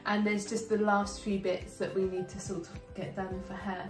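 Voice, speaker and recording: A woman's voice: mid-range voice, flat delivery, moderate pace. Earnest woman in her thirties. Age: 30s. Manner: earnest, thoughtful, with frequent fillers. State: heavily pregnant. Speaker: co-host of a couple's channel. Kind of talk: casual chat. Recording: roomy, distant mic, clear music behind.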